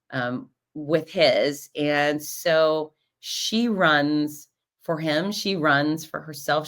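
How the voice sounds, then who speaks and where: Low-voiced woman telling race stories. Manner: animated, acts out quoted voices. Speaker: podcast host and race announcer. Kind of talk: casual storytelling recap.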